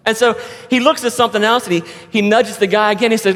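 A man preaching a sermon, telling a joke with lively acted-out voices for the people in it. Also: high voice, fast, in a large hall. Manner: animated storyteller, acts out characters. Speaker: pastor. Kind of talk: sermon with storytelling.

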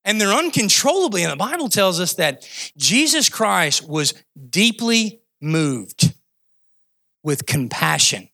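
A man's voice: sits high, very animated, takes it slowly, vocal fry, bright, forceful tone. A man preaching a sermon in a conversational, impassioned way, climbing to emphatic peaks and dropping into casual asides. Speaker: pastor.

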